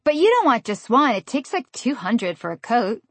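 A woman voicing a distracted young female intern who talks in a slow, absent-minded drawl. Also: fairly high pitch, very animated, dry recording. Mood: airheaded.

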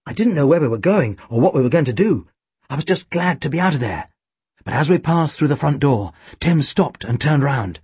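A man narrating a first-person audiobook, with a lively, wry delivery and deadpan asides. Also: on the high side, normal speed, breathy edge, no echo.

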